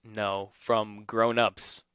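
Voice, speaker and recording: A man's voice: fairly low pitch, flat delivery, drawn-out words, a bit bright, clean tone, dry recording. A man in his twenties from Illinois, co-hosting a casual morning radio chat from a studio, rambling with many fillers. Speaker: radio co-host. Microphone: studio microphone.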